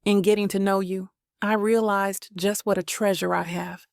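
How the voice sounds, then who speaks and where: A woman's voice: medium pitch, level tone, moderate pace, vocal fry, dry recording, clean studio sound, close to an everyday voice. Woman voicing a tender, apologetic husband. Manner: soft, sincere, pleading. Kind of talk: audiobook character voice.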